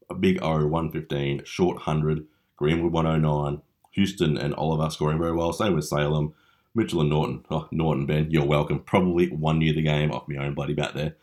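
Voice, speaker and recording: A man's voice: extremely low pitch, a little mellow. A young Australian man hosting a casual fantasy league recap, chatty and teasing with mock-dramatic flair. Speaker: fantasy league podcast host.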